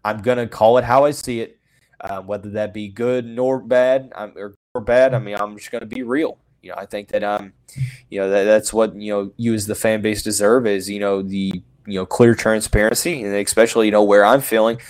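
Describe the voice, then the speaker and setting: A man's voice: on the low side, fairly even intonation, fairly quick, darkish tone. A man hosting a solo sports podcast, giving frank opinions in a loose, rambling way full of "you know" fillers. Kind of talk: casual solo sports commentary.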